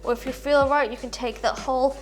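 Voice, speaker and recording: Young female yoga instructor, high and bright, cueing poses and counting breaths over faint music. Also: fairly even intonation, fast talker. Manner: upbeat, counts breaths aloud while moving through poses. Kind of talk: guided yoga class instruction.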